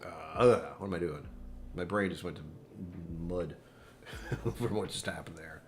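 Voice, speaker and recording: A man's voice: deep voice, a little slow, faint music behind. A middle-aged man hosting a whiskey live stream from home, chatting casually in a rambling, self-deprecating way and laughing often. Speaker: whiskey channel host.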